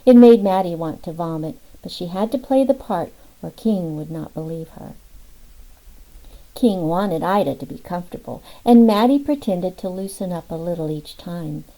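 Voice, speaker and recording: A woman reads an audiobook in a measured, expressive way. Her voice is mellow and sits a little low. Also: low-quality recording. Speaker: audiobook narrator. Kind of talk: scripted narration.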